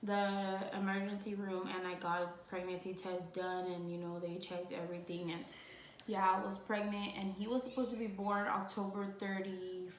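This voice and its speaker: A woman's voice: mid-range voice, level tone, normal speed, reverberant, a little hiss or hum, rough recording. A young woman vlogger telling her own story in a casual, rambling way, leaning on "like," emotional and close to tears at times. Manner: rambling, heavy use of "like".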